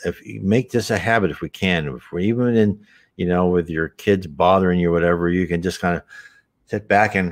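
A man's voice: deep voice, a little fast. A man hosting an unscripted spiritual talk, earnest and rambling, with frequent restarts and asides.

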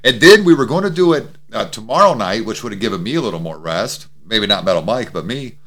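A man's voice: lowish voice, expressive, fast, fairly bright tone. A man co-hosting a podcast from his home studio, chatting casually and swearing freely. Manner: loose, profane, laughs often. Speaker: podcast co-host. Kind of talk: casual chat. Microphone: studio mic with mixing board and headphones.

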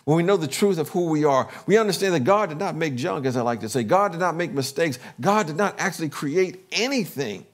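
Middle-aged male pastor, slightly high voice, earnest sermon delivery. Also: expressive, a little fast, hardly any pauses. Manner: earnest, builds up energy on repeated affirmations.

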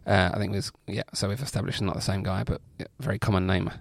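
A man's voice: low-pitched, little pitch movement, fast talker, creaky, dry recording. A man co-hosting a podcast, chatting casually and reading out odd news stories. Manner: reads a news story, putting on a rural voice for a quote. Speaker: podcast co-host.

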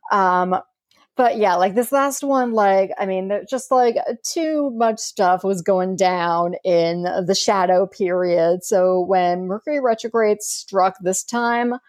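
A woman co-hosting a podcast in casual chat, wry and quick to laugh, often restarting her sentences. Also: medium pitch, darkish tone, no room sound, studio quality. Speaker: podcast co-host.

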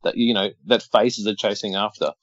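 A man's voice: fairly low pitch, moderate pace, a bit bright, no room sound, lo-fi sound. A man co-hosting a podcast, chatting casually and calling the action as he watches along. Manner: chatty, running play-by-play with laughs. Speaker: podcast co-host.

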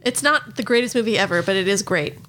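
A woman co-hosting a casual podcast chat, with a voice of average pitch for a woman. She is chatty and giggly and laughs easily between her remarks. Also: lively intonation, fast, a bit bright, slight background noise. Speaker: podcast co-host.

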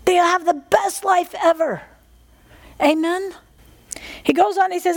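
A woman's voice: very high voice, unhurried, pauses often. A middle-aged woman preaching a fervent sermon, often asking her listeners for an "Amen". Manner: fervent, animated, asks the congregation "Amen?".

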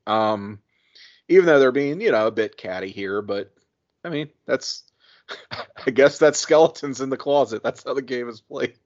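A man's voice: mid-range voice, expressive, moderate pace, a little mellow. Laughing man on a podcast. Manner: laughs often, many restarts and fillers. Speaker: podcast co-host or guest. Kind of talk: casual chat. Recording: muffled podcast audio.

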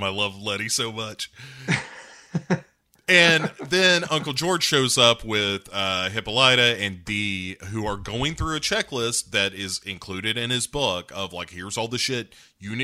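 Bright-voiced man in casual chat. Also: mid-range voice. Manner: loose, profane, laughing, acts out characters in quotes. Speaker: podcast co-host recapping a show.

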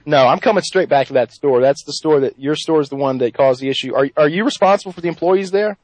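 A man voicing a threatening male redneck prank caller in a put-on rural Southern US drawl, deadpan and menacing. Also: fairly high pitch, fast talker, no echo, close to an everyday voice, poor audio. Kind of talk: prank call impression.

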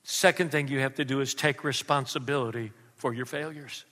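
A man's voice: medium pitch, steady tone, fairly quick, bright, forceful tone, big-room sound. A man preaching a sermon as pastor, speaking with emphasis and calling questions out to the congregation.

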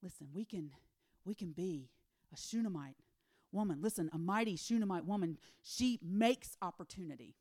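A woman preaching a sermon, retelling a Bible story with animated voices for the characters and hushed, near-whispered emphasis. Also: fairly low pitch, moderate pace. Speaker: women's ministry speaker.

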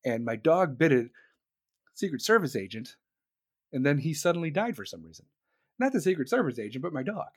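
A man's voice: fairly high pitch, sing-song, voice pushed down. A man doing an impression of a confused, rambling elderly male president who mumbles and loses his thread. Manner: mumbling, meandering, halting.

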